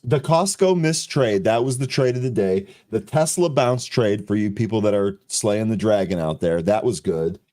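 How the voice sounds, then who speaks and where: A man's voice: lowish voice, moderate pace, hardly any pauses, mellow. A man co-hosting a live trading show, chatting casually in a weary, complaining way. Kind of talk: casual chat.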